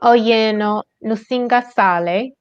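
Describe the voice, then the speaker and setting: A woman reading practice sentences aloud in an online language class, slow and careful. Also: fairly high pitch, clear, resonant tone, no echo, lo-fi sound. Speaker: student.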